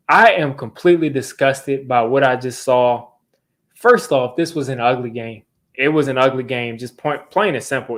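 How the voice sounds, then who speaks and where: A young man with a medium-pitched voice hosts a sports fan channel and rants in exasperation during a live football reaction. He keeps repeating himself as he vents.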